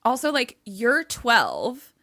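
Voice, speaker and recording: Bright, lively woman reacting slowly. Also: on the high side. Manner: slow, expressive reactions and jokey asides. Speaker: podcast co-host. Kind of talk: casual chat.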